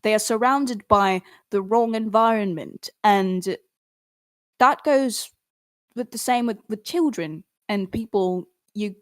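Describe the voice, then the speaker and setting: Young woman chatting on a livestream, earnest and encouraging, voice jumps up when she gets animated. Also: medium pitch, slow. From Philippines. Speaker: singer and artist answering fans. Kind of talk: casual livestream chat.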